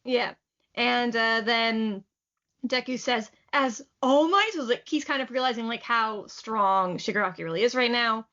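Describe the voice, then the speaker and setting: A woman's voice: on the high side, fairly even intonation, bright, forceful tone. A woman co-hosting a podcast, recapping a manga chapter in a chatty, enthusiastic way with lots of "like" fillers. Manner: chatty and enthusiastic, many "like" fillers, quick laughs. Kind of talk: casual chat. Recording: slightly muffled lo-fi audio.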